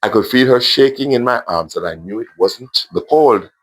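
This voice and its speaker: A Jamaican man gently reading his own emotional story aloud to a primary school class, adding asides. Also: medium pitch, lively intonation, moderate pace.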